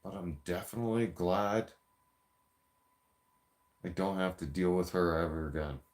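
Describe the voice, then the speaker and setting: A man's voice: sits low, fairly even intonation, measured pace, darkish tone. A man telling a story in a heated, profane, rambling rant with frequent restarts, a few beers in. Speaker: vlogger.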